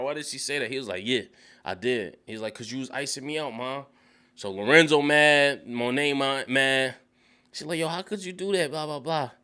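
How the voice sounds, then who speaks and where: A man casually recapping a TV episode, acting out the characters' lines in quick bursts and laughing often. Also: lowish voice, fairly bright tone, clear, resonant tone. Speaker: TV show reviewer. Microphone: studio dynamic mic.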